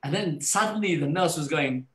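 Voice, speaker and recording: A man guest telling a personal story in a casual live talk, animated and acting out the voices of people he describes. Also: a little high, moderate pace, roomy sound.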